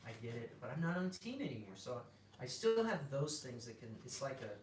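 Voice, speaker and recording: A man's voice: mid-range voice, big pitch swings, a little fast. A middle-aged man sharing a personal faith story in casual talk, acting out the dialogue with restarts and fillers. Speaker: guest sharing a personal testimony. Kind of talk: casual spoken testimony. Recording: roomy sound from a distant mic with background noise.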